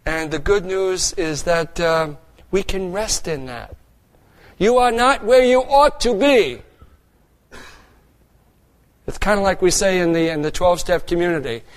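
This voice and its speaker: A man preaching a sermon as a pastor, earnest, moving between raised passages and quiet, hushed ones. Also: sits high, normal speed.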